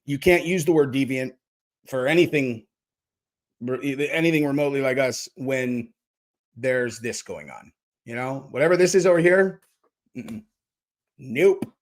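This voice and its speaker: A man's voice: medium pitch, lively intonation, unhurried, pauses often. A man hosting a casual livestream, rambling and swearing freely while joking with his chat. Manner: rambling, profane, jokey. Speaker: host.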